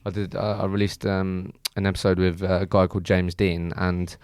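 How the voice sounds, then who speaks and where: A low-voiced man hosts a podcast in a loose, informal way, often swearing. His questions wander and restart before they land. The recording is close and dry. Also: completely flat delivery, moderate pace, a little mellow, clear, resonant tone, dry recording. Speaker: podcast host. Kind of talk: casual interview chat.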